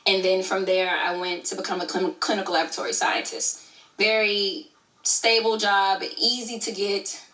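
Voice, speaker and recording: A woman in her thirties from Alabama with a bright, forceful voice, talking in a chatty storytelling way and laughing easily. She sits a little away from the microphone in an echoey room. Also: medium pitch, level tone, moderate pace, recorded from a distance. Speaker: YouTube creator of scripted shows. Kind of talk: casual interview answers.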